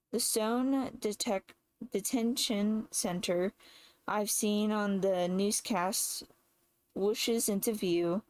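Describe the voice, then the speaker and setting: Slow, measured woman reading a story. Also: mid-range voice, a little mellow, no echo, low-quality recording. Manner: measured, with occasional slips and rereads. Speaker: narrator. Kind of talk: first-person audiobook reading.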